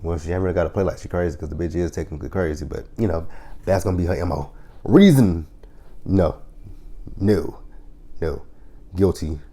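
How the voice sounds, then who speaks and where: Male reviewer with a deep, mellow voice and a goofy, foul-mouthed recap style. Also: moderate pace, long pauses, slightly rough. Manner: profane, goofy, animated retelling. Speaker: TV episode reviewer. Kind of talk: casual episode recap.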